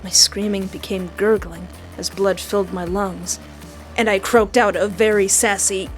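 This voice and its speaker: A woman's voice: mid-range voice, a little slow, soft background music. A woman playing a horror visual novel, reading the text aloud and reacting in a jokey, dramatic way. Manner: animated, jokey, dramatic outbursts.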